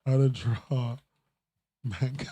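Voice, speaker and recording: A man's voice: mid-range voice, huge pitch swings, extremely slow, dark tone, breathy edge. A young man hosting a casual podcast chat, rambling and breaking off mid-sentence, often laughing at himself. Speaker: podcast host.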